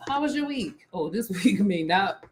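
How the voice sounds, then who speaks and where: A woman's voice: medium pitch, lively intonation, moderate pace, slight background noise. A woman co-hosting a casual chat show, playful and rambling, often breaking into giggles. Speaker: podcast co-host.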